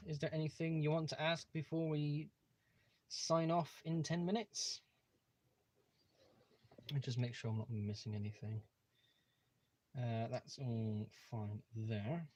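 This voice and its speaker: A man's voice: a little high, measured pace, pauses often, a little mellow. A young man hosting a casual livestream from a room at home, talking eagerly and rambling with many fillers and restarts. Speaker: livestream host. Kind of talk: casual live-stream chat.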